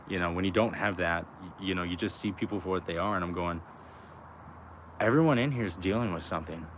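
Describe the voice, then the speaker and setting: A man's voice: low-pitched, slight background noise. A young man talking in a loose, rambling, profane way, full of fillers, outdoors by a road. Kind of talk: casual rambling chat.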